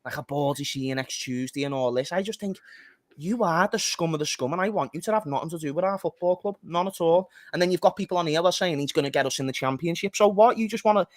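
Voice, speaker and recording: A man's voice: on the high side, fast talker, no room sound. A man co-hosting a football fan chat, talking passionately, ranting and swearing freely. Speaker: fan channel co-host.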